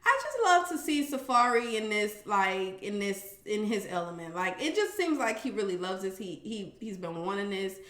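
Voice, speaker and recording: A woman casually recapping a reality show, animated and profane, with sassy commentary and acted-out quotes. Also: medium pitch, moderate pace, few pauses, echoey room.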